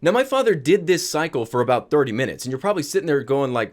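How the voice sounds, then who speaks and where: Animated man telling a story. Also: fairly high pitch, quick pace, hardly any pauses. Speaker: vlogger. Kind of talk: storytime vlog.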